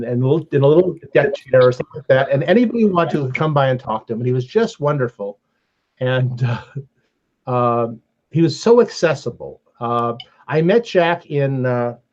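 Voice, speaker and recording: Older man telling a lively convention story. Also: mid-range voice. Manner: animated anecdotal telling with laughs. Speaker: podcast guest. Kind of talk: casual storytelling. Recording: slightly dull lo-fi sound.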